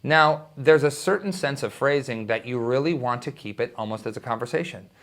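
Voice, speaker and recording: A young man teaching a guitar lesson, talking in an enthusiastic, conversational way with quick asides. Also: medium pitch, a bit bright. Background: electric guitar playing.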